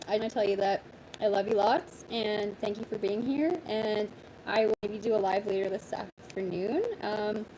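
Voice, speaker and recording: A woman's voice: mid-range voice, fairly even intonation, moderate pace, warm tone, a little hiss or hum. A woman with a Canadian accent chatting casually with viewers on a live stream from home, laughing often and swearing now and then, speaking into a phone. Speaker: livestream host.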